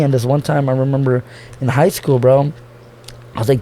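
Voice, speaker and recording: A young man with a mid-range, dark-toned voice speaks at a moderate pace with fairly even intonation. As a podcast guest, he talks about his family in a loose, slangy, emotional way, constantly saying "bro," swearing, and restarting sentences in this casual, heartfelt conversation.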